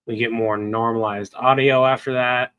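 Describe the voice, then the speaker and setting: A man's voice: mid-range voice, steady tone, moderate pace, narrow, tinny audio. A man hosting a stream who casually talks through editing audio, thinking aloud with ums. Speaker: video editor, stream host.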